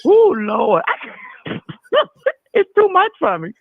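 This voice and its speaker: A woman's voice: fairly high pitch, wildly swooping pitch, slow pace, creaky, slightly rough, dry recording. Effusive woman in her sixties on a tinny phone line. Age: 60s. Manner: effusive, laughs often, folksy. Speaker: caller. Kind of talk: casual call-in chat.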